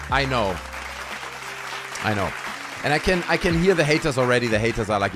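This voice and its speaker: Animated German-accented man hosting a stream. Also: medium pitch, fairly quick, pauses often, over music, a crowd in the background. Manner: animated, theatrical showman, playful. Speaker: livestream host. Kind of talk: hyped live-stream chat.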